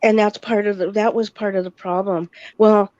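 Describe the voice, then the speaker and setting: A woman in casual conversation, talking slowly and haltingly about her children, with many fillers. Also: mid-range voice, fairly even intonation, warm tone, no room sound, lo-fi sound. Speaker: parent in conversation. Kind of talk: casual chat.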